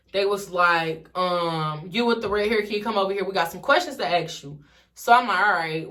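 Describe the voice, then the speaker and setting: A young woman from Detroit telling a story in a casual vlog, swearing freely and acting out everyone's lines. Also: medium pitch. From Detroit, USA. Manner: animated, swears freely, acts out the dialogue. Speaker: vlogger.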